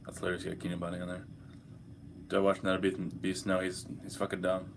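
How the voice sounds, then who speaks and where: Low-voiced, laid-back hungover young man. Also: completely flat delivery, quick pace, noisy background. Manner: profane, laid-back, reads chat questions aloud. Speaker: livestream host answering chat. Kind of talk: casual livestream chat.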